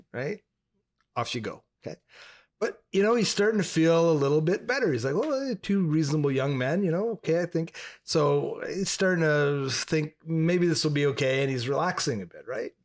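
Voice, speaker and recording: A man co-hosting a casual podcast, telling a long joke in an animated way and jumping into loud, high voices for the characters. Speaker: podcast co-host.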